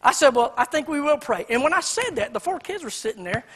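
A man preaching a sermon in a church, swinging between loud emphatic lines and quiet storytelling. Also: extremely high pitch, very animated, fast. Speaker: pastor. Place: church sanctuary.

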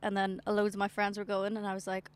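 A young Northern Irish singer-songwriter chats casually in an interview on an outdoor balcony. Her mid-range voice is completely flat in delivery, fast and clean in tone, and she laughs often and trails off.

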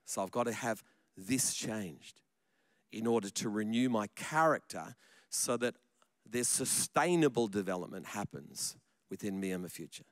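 A man's voice: on the low side, animated, moderate pace, no echo. A man preaching a sermon in church, chatty and joking, often repeating his words. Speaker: pastor.

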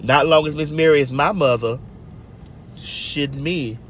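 A woman's voice: sits low, unhurried, slight background noise. A woman telling stories in a casual vlog from a moving car, brassy and profane, calling her listeners girl and honey. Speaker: vlogger.

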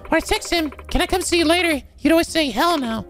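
A naive, sweet young college girl, as a man voices her in a very high falsetto for a video game. The delivery runs quick and eager. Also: a bit bright, soft background music. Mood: earnest. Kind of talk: voicing game dialogue.

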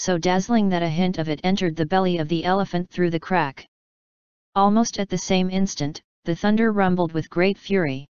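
A woman narrating a classic novel as an audiobook in a measured storytelling manner. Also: on the low side, clean tone, dry recording. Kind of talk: scripted narration. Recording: slightly dull, dry recording.

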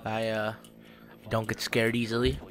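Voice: mid-range voice, flat delivery, measured pace, fairly bright tone. A gaming YouTuber reacting to a horror game, jumpy, with sudden shrieks and constant claims of not being scared.

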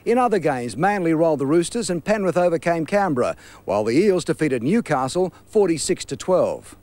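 A man's voice: on the high side, big pitch swings, brisk, darkish tone, no room sound. A man reading sports news headlines in a formal style. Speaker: newsreader. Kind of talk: news read.

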